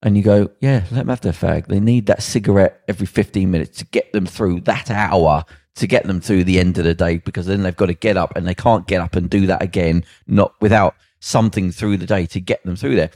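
A man's voice: sits low, fairly even intonation, a little fast, hardly any pauses, darkish tone, no echo, studio quality. A young man co-hosting a casual podcast, telling blunt, rambling stories full of slang and mimicked voices. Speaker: podcast co-host.

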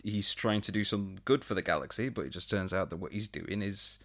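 Low-voiced man hosting a podcast interview. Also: a little fast, fairly bright tone. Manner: reflective, hesitant with fillers. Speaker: podcast host. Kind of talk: casual interview chat.

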